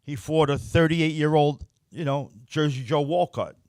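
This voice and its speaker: A man's voice: on the high side, moderate pace, darkish tone, no room sound, studio quality. An older man with a New York accent, bluntly telling stories as an interview guest and often repeating words. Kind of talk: casual storytelling.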